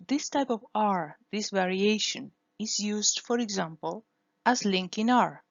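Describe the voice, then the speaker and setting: A woman's voice: mid-range voice, gravelly, dry recording, dull audio. A woman whose first language is Spanish, teaching English phonetics in a careful lesson, repeating each sound to demonstrate it. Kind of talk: scripted lesson.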